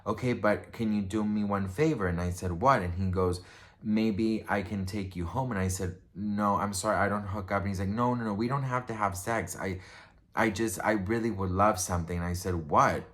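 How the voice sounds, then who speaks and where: A man's voice: lowish voice, fairly even intonation, moderate pace. A man vlogger telling a personal story in a casual, rambling way, full of fillers and restarts. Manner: rambling, filler-heavy, chatty.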